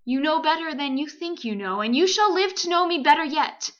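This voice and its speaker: A woman voicing a great, wise male lion who speaks slowly and gravely, read aloud as a storybook. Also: sits high, animated, highs cut off. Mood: solemn.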